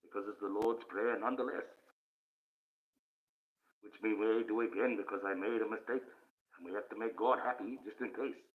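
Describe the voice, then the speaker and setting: A man from Australia who has put on an ominous voice in place of his real one. He rambles slowly through spiritual musings in a fairly low register. The sound is thin and phone-like. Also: fairly even intonation. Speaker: live streamer. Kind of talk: casual spiritual monologue on a livestream. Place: indoors, speaking under a mask by candlelight. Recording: tinny phone-like audio.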